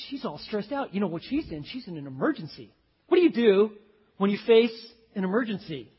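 A man's voice: high voice, fairly quick, husky, long reverb tail, highs cut off. A man preaching a sermon, telling stories and acting out the voices of the people in them. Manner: animated storytelling, acts out quoted voices. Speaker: pastor.

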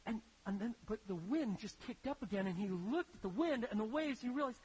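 Very husky, breathy preacher. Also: medium pitch, fast talker, few pauses, rough recording. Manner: animated, conversational retelling with rising emphasis. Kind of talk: sermon storytelling.

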